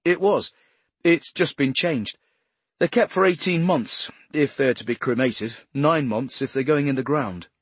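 A breezy, shameless young male detective talks offhandedly in a raised, lively voice, as a male narrator puts him on. The recording is a dry, close audiobook reading. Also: mid-range voice, a little slow, husky, dry recording, voice pushed up. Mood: offhand.

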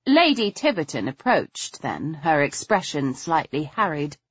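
A woman reading a novel aloud as audiobook narrator, in a measured, expressive way. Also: low-pitched, slightly rough, no echo. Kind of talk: scripted narration. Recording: slightly dull, dry audio.

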